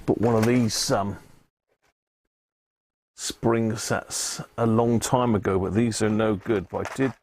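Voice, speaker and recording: A man's voice: on the low side, fairly even intonation, slow, long pauses, a little mellow, a little hiss or hum. A man streaming live from his workshop, chatting casually and thinking aloud while he repairs an old radio. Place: home workshop.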